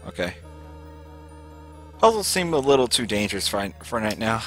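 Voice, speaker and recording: A young man playing a video game, reading its text aloud and reacting with excitable yelps and panicked shouts. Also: mid-range voice, moderate pace, pauses often, faint music behind. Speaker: let's play gamer.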